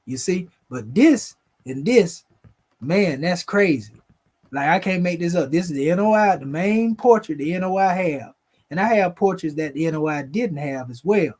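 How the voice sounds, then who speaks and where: Male host, relaxed explanatory chat over images, slightly higher-pitched, calls his audience family. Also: moderate pace. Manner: conversational, addresses viewers as family. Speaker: video host presenting photos. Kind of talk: casual explanatory talk over pictures.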